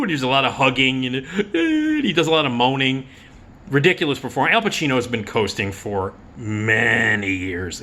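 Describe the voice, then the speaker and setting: Bright-voiced man, blunt and profane. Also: medium pitch. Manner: blunt and profane, many fillers. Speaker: film critic. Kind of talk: casual spoken film review.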